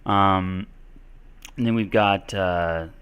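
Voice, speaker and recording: Guy teaching english on a live stream, chatty with lots of ums, lowish smooth voice. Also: fairly even intonation, extremely slow, fairly bright tone. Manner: casual, chatty, many fillers.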